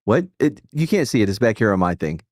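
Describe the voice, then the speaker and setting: A male live-stream host with a lowish voice rambles through loose opinions and swears freely. He keeps cutting himself off and restarting. The sound is dry and close-miked. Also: sing-song, quick pace, a little mellow, dry recording. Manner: rambling and profane, with many restarts and self-interruptions. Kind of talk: casual live-stream chat.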